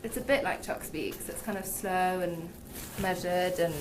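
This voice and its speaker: A woman's voice: fairly low pitch, a little slow, background noise. A woman interviewing an actor, reading fan questions and teasing him playfully. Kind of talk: casual interview.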